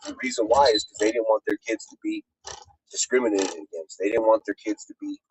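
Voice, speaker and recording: A man's voice: on the low side, fast talker, breathy edge, no echo, rough recording. A man talking casually on a livestream in heavy street slang, calling people bro and homie, earnest and at times choked up. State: emotional, choked up. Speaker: streamer.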